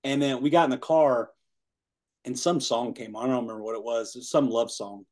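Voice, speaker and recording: A man's voice: medium pitch, steady tone, fairly quick, darkish tone. Rambling man in his forties. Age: 40s. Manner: rambling, laughs often, says "man" and "you know". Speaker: guest. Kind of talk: casual storytelling chat.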